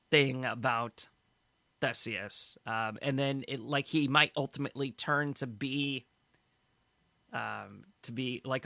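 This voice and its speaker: A man's voice: medium pitch, sharp tone, no echo. A man co-hosting a casual fan podcast, summarizing news stories and laughing easily. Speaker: podcast co-host.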